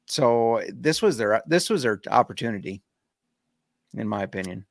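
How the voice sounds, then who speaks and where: Male co-host, mid-pitched, steady and opinionated, casual cursing, dry close mic. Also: no room sound. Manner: measured, opinionated, casual swearing. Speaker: podcast co-host. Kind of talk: casual podcast chat.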